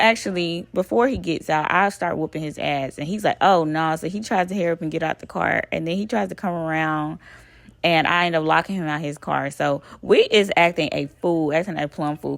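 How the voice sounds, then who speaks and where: A woman from Alabama, telling a personal story in a casual, animated way, swearing and addressing listeners as y'all. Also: lowish voice, creaky, no room sound. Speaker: vlogger.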